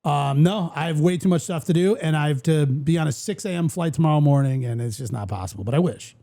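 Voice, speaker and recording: A man's voice: fairly high pitch, fast talker, creaky, mellow. A man hosting a casual golf show chat, joking and rambling with his crew. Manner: joking, rambling, laughs often. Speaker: podcast host.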